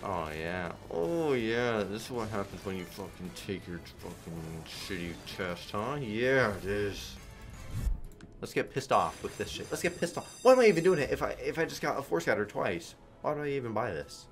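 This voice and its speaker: Deep-voiced man swearing through commentary. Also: lively intonation, normal speed, a bit bright, soft background music. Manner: frustrated, swearing, thinking aloud. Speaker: online slot streamer. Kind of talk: casual profane play-by-play commentary.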